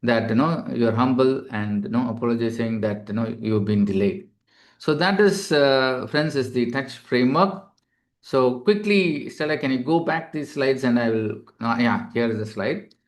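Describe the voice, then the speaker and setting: Male doctor, webinar lecturer, mid-pitched, conversational teaching delivery with frequent fillers, computer mic. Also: moderate pace. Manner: explanatory, many "you know" fillers.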